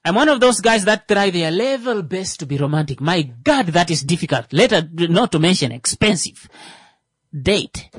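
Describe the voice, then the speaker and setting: A stand-up comedian, a man with a slightly high voice, talks in an animated way full of restarts and fillers. He punches jokes up loudly and then mutters asides. The sound is dry and close. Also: moderate pace, breathy edge, no echo. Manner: swings between loud rising jokes and muttered asides.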